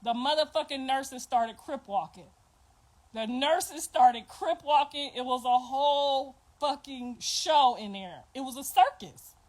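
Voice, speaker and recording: Middle-aged woman host, high-pitched, loud and animated storyteller. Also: a little slow, poor audio. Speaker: podcast host. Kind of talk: casual storytelling.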